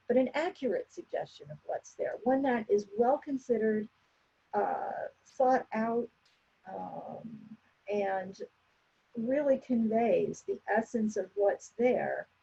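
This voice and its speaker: A woman demonstrating an oil painting and explaining each step as she works, in a relaxed, instructive way. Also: mid-range voice, takes it slowly, gravelly, breathy edge, lo-fi sound. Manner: relaxed, instructive, thinking aloud while painting. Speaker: painting teacher.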